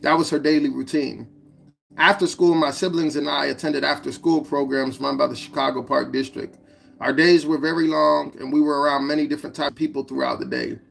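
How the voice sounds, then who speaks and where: A man narrating his own memoir as an audiobook, in a plain, steady reading. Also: fairly high pitch, fairly quick, vocal fry. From United States.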